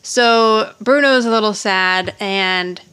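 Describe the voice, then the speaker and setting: A woman's voice: mid-range voice, slow, fairly bright tone, smooth. Chatty woman recapping a TV episode. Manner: retells scenes in detail, laughs often. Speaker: podcast co-host. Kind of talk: casual episode recap chat.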